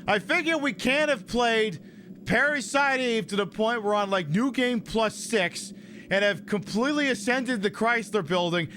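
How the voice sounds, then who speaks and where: Male streamer, casual, sardonic rants, slightly high voice, noisy ambience behind. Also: normal speed, bright, forceful tone. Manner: profane, ranting, sardonic. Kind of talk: casual gameplay commentary.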